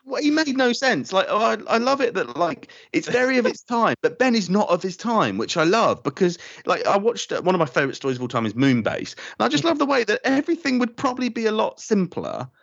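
A man hosting a podcast in casual chat, excitable, laughing a lot and acting out quotes. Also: high-pitched, a little fast, gravelly, few pauses, no echo. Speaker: podcast host. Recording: dull lo-fi dry sound.

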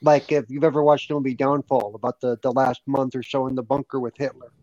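A man co-hosting a gaming podcast, relaxed, laughing easily as he tells things. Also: mid-range voice, fast talker, no room sound. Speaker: podcast co-host. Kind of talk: casual panel chat. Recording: dull lo-fi mic.

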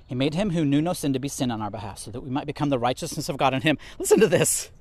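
A man teaching from the Bible in an animated way, a little out of breath as he walks and talks. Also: mid-range voice, rapid-fire, no echo. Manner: animated, reads and explains scripture; talks while walking vigorously.

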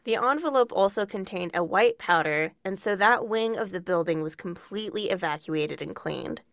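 A woman's voice: medium pitch, expressive, normal speed, a bit bright, no room sound, studio quality. Woman narrating a true crime podcast. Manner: reads prepared narration, casual asides. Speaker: podcast co-host.

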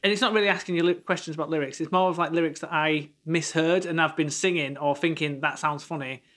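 A man's voice: a little high, steady tone, fast, a bit bright. A man, co-hosting a casual music podcast, chatty and rambling, laughing often. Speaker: podcast co-host. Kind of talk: casual chat.

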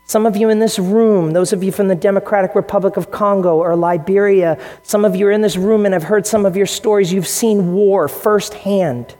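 Preaching earnestly in a big-room church hall, an American male pastor barely pauses as he talks at a normal speed. His high, dark voice keeps a fairly even intonation, and he acts out quotes by shifting his voice.

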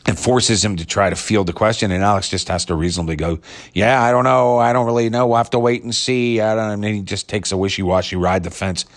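A man with a lowish voice rants in casual talk. He is profane and mocking, rambling from one complaint to the next with plain exasperation. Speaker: sports fan ranting. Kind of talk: casual rant.

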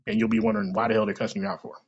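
Gravelly-voiced man ranting profanely. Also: fairly low pitch, sing-song, racing, darkish tone. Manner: profane, rambling, self-mocking. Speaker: podcast host. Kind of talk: solo podcast monologue. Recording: dull lo-fi recording.

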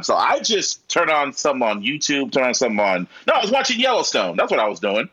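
A man co-hosting a podcast in casual chat, animated and profane, acting out his own reactions with a husky voice. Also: medium pitch, quick pace, hardly any pauses, lo-fi sound. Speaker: podcast co-host.

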